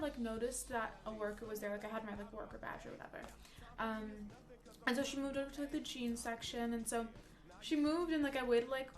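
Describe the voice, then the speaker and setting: A young woman livestreaming from home, telling a story in a chatty, animated way full of "like" while reading chat. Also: on the high side. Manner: chatty, animated, peppers speech with "like".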